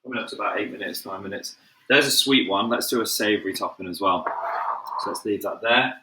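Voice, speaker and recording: A man's voice: on the low side, a little fast, roomy sound, noisy background. A man from Manchester with a Mancunian accent, a professional chef chatting casually to viewers during a live cooking stream from his home kitchen. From England. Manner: chatty, upbeat, addresses viewers as "guys", moves around the kitchen.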